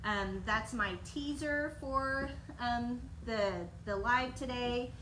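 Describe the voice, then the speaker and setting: A woman talks casually on a work livestream, laughing easily and leaning on fillers. Her voice sits a little high and comes from well off the microphone in a roomy space. A steady noise runs underneath. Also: slow. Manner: giggly, chatty, many fillers. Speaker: HR director. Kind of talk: casual company livestream talk. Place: office room with coworkers. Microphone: distant device mic. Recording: roomy distant sound with background noise.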